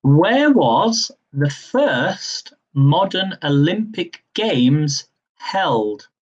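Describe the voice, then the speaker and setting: A young man hosting a live-streamed quiz, reading each question slowly, repeating it, and adding chatty asides. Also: on the high side, sing-song, muffled recording. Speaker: quiz host.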